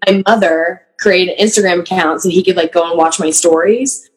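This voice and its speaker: Laughing, animated woman telling stories. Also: fairly low pitch, fairly quick, crowd noise, poor audio. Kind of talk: casual chat.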